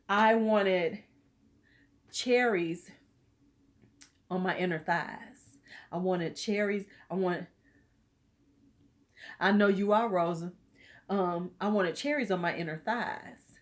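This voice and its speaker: A woman's voice: mid-range voice, slow pace, long pauses. A middle-aged woman hosting a casual live chat, talking loosely and bawdily and laughing along with her viewers. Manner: chatty, loose and bawdy, laughing with commenters. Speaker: host of a live beauty chat.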